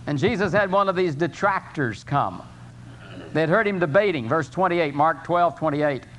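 An older man preaching a sermon as pastor, earnest, slowing and rising in pitch to stress scripture. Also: expressive, a bit bright. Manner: earnest preaching, rising for emphasis, slow drawn-out scripture quotes.

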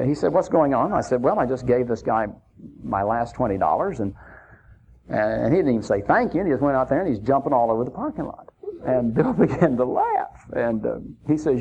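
A man's voice: mid-range voice, gravelly, darkish tone, a little hiss or hum. A man preaching, telling a personal story in a folksy, chuckling anecdotal way. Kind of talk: sermon storytelling. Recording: dull lo-fi recording.

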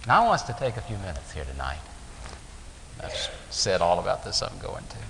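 Male preacher, gravelly and bright-toned, lively storytelling sermon, echoey hall with faint hiss. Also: deep voice, a little fast. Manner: storytelling, acts out voices in anecdotes.

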